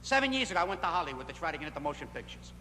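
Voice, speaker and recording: A man doing a stand-up routine at a nightclub, telling punchy stories in a voice that jumps in pitch and loudness. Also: very animated, very fast. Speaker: stand-up comedian. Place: nightclub stage. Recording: echoey club, scratchy 1960s film audio. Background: audience laughter.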